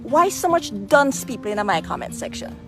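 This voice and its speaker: A woman's voice: sits high, big pitch swings, normal speed, over music. A woman delivering emphatic, scolding commentary straight to her viewers. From Jamaica. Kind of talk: direct-to-camera commentary.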